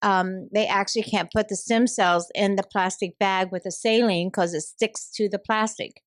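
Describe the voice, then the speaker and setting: A middle-aged woman, a guest co-host in a casual chat who speaks in a gentle, motherly way. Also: medium pitch, steady tone, moderate pace, dry recording, studio quality.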